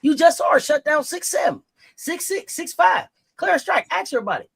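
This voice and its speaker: A man co-hosting a sports podcast, talking in an animated, slangy way and laughing often. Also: very high-pitched, normal speed, vocal fry. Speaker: podcast co-host. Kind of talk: casual sports talk.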